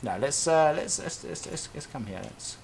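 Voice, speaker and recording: A man's voice: fairly high pitch, expressive, normal speed, creaky, a little mellow, a little hiss or hum. A man live-streaming a game, chatting casually and thinking aloud as he builds, with plenty of self-talk and little tangents. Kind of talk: casual live-stream commentary while playing.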